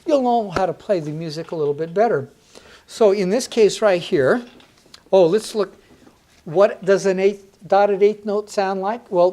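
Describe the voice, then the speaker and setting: A woman's voice: medium pitch, dark tone. A woman teaching a music lesson on rhythm, counting beats aloud in a patient, encouraging, plainspoken way.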